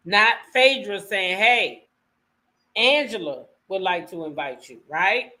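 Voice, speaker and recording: A woman hosting a gossip commentary channel, reacting to a clip in a loud, exclaiming, slangy way. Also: medium pitch, lively intonation, slow pace. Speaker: host.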